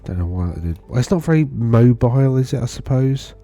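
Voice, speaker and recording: A wargaming video host talks a little fast in an animated, mid-range voice with a dark tone, soft music in the background. It's casual screen-share commentary: he rambles over tournament data on his screen, correcting himself as he thinks out loud.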